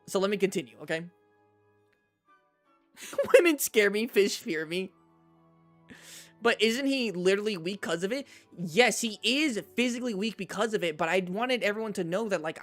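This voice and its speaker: A man streaming, telling a personal story to his chat in a casual, animated way, often checking in with "right?". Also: sits high. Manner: animated storyteller, repeats himself, says "right?" a lot.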